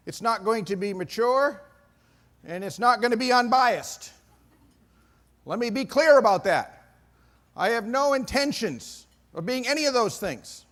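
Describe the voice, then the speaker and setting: A middle-aged man from Maine giving an energetic, self-deprecating keynote speech in a conference hall. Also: high-pitched. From Maine, USA. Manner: excitable, self-deprecating storyteller. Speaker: keynote speaker.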